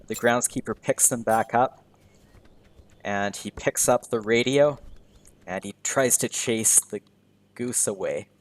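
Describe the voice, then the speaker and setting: A man's voice: mid-range voice, slow, pauses often. Guy talking through a game for english learners, easy words, keeps rephrasing things. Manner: repeats and rephrases simple sentences, self-correcting. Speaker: English teacher. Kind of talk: slow, simple narration of gameplay for learners.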